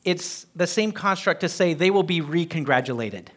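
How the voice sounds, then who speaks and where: A man's voice: a little high, expressive, moderate pace, a bit bright. A man teaching a Bible lesson to a group, emphatic, often putting questions to his listeners.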